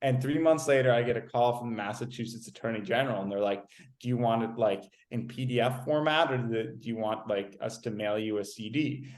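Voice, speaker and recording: A young man in his twenties, a podcast guest telling a story in a casual, animated way, often stumbling over repeated words. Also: mid-range voice, fairly quick. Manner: animated, repeats words, many "like"s, acts out quoted exchanges. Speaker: interview guest.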